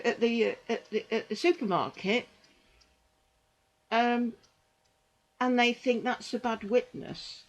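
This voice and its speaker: A woman's voice: a little high, low-quality recording. An older woman, talking earnestly into her camera and rambling with frequent restarts, sounding unwell. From United Kingdom. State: unwell and in pain. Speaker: vlogger, former psychiatric nurse. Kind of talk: personal commentary monologue.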